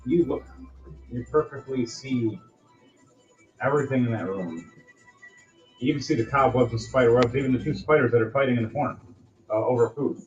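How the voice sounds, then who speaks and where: A man's voice: mid-range voice, brisk, pauses often. A man narrating as game master, with loose, rambling descriptions. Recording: dull lo-fi audio, faint music.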